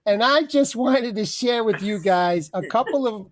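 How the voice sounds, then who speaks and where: Guy with a kinda high voice hosting an open mic on a video call, rambling and laughing, swears a lot. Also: lively intonation, a little slow, dry recording. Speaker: host of an online open mic show. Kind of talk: casual comedic rant.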